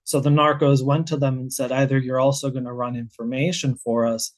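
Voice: medium pitch, flat delivery, fairly quick. A guest researcher with an American accent explaining their field in casual conversation, thinking aloud with many restarts.

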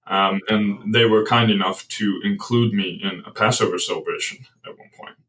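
A man's voice: fairly low pitch, steady tone, moderate pace, a bit bright, far from the mic, rough recording. A man explaining ideas in a podcast conversation as the guest author, thoughtful and hesitant, often restarting his sentences.

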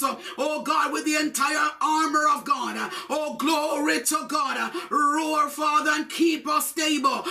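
A woman preaching and praying fervently, shouting repeated declarations and slipping into sung, chanting phrases. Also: high voice, vocal fry. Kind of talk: fervent sermon and prayer. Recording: voice picked up from a distance.

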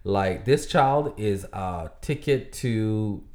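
A man's voice: on the low side, lively intonation, slow, a little mellow. A man co-hosting a podcast, joking and bantering in casual chat. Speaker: podcast co-host.

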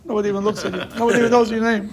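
A man's voice: sits high, level tone, racing, a little hiss or hum. A man teaching a Torah class, emphatic, repeating phrases to drive his points home and telling stories. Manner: acts out quoted people in raised voices.

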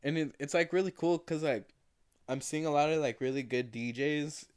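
A man's voice: on the high side, normal speed, clean tone. A man in his twenties co-hosting a podcast, telling stories in a loose, rambling way with frequent laughs. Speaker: podcast co-host. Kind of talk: casual chat.

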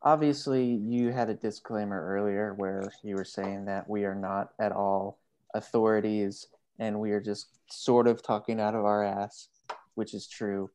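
A man's voice: lowish voice, level tone, measured pace, a little mellow, smooth. A man co-hosting a casual podcast, joking around in a wry way. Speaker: podcast co-host.

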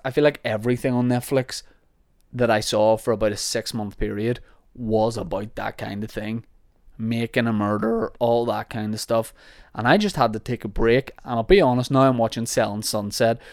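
A man's voice: fairly low pitch, a little mellow, dry recording, clean studio sound. A young Northern Irish man hosting a podcast, chatting casually and sarcastically as he rambles through listener questions. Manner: chatty, sarcastic, rambling with self-mocking asides. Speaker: podcast host.

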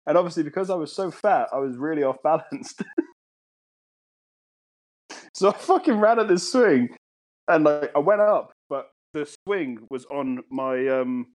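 Brief: man, podcast co-host, lively swinging pitch, chatty sweary storyteller, dry close mic. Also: a little slow, long pauses. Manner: rambling, sweary, laughs often, many restarts. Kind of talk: casual comedic storytelling.

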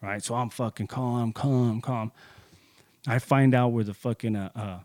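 A man in his thirties telling a personal story in casual, profane speech, getting heated and jumping into higher voices when he quotes people. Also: steady tone, measured pace, a little mellow, dry recording, studio quality.

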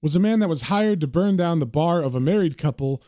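A man's voice: on the high side, expressive, a little fast, warm tone, dry recording, studio quality. A man casually retelling a comic book issue panel by panel as its reviewer. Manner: casual, descriptive storytelling. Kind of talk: comic book recap narration.

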